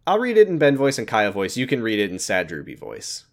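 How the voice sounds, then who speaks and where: A man with a fairly low voice closes out a podcast episode in loose, casual chat. He jokes, drops fillers and the odd swear along the way. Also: huge pitch swings, quick pace. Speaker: podcast host.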